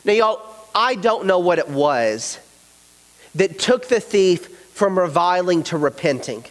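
A man with a drawl preaching in a high, light voice, earnest and emphatic as he works through scripture. His words ring out with a long, echoing reverb, as if from a large church sanctuary. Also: animated, a little slow. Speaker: pastor. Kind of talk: sermon.

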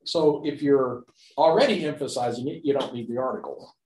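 Male Bible teacher, mid-range voice, halting and filler-heavy, echoey room. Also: medium pitch, a little mellow. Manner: halting, frequent fillers and restarts, rhetorical questions. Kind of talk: unscripted Greek grammar lecture.

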